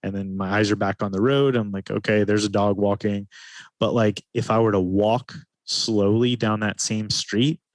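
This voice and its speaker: A man, a guest in an interview, speaking in a calm, reflective way and often slowing his speech down. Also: on the low side, no room sound. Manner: calm, slows his speech to stress points. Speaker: podcast guest, men's retreat facilitator.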